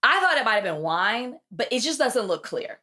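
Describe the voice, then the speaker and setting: A woman hosting a podcast, retelling TV episodes in casual chat and acting out the quotes. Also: moderate pace. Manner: animated storytelling, acts out quotes with big pitch jumps. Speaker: podcast host.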